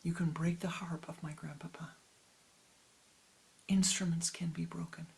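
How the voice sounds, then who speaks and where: A woman voicing a heartbroken, gentle young son who pleads softly with his father in a told story. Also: fairly low pitch, flat delivery, unhurried, gravelly, low-quality recording. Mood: pleading. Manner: pleading, soft-spoken.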